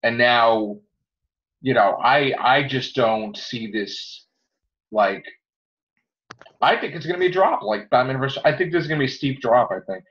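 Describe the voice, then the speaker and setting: A man's voice: mid-range voice, normal speed, pauses often, fairly bright tone. Rambling critical man, lo-fi sound. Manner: critical, rambling opinions with many fillers. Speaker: podcast host. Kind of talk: casual movie chat. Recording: dull lo-fi recording.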